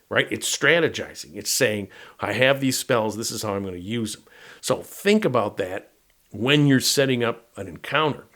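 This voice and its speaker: A man's voice: mid-range voice, fairly bright tone. Middle-aged guy explaining game stuff, casual and rambly, keeps going "right?". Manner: rambling, conversational, with frequent "right?" tags. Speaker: tabletop game master and YouTube host.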